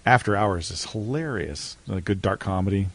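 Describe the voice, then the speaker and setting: A man's voice: sits low, normal speed, a bit bright. A man co-hosting a casual podcast, chatting loosely about films with frequent laughs. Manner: rambling, laughs often. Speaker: podcast co-host. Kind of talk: casual chat.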